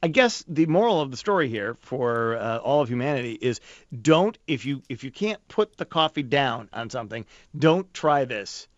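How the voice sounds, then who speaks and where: A man's voice: mid-range voice, animated, normal speed, dry recording, dull audio. A man casually telling a self-mocking story on a talk show, rambling with many restarts.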